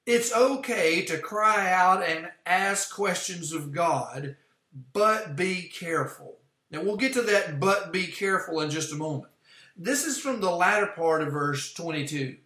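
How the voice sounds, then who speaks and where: A man preaching a sermon, teaching from an outline in an earnest, measured way and explaining his points step by step. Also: high voice, expressive, sharp tone. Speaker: pastor. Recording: echoey room.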